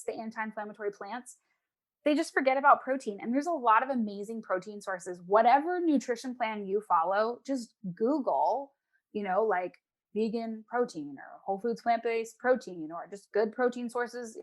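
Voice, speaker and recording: A woman, an emotional eating coach, giving advice as a guest in a casual interview and acting out her clients' voices. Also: a little high. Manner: animated, acts out clients' voices.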